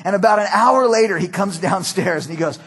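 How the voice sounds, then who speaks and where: A man's voice: high voice, brisk, a bit bright, husky. A middle-aged male pastor preaching a sermon in a conversational, storytelling way. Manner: conversational, storytelling with acted quotes.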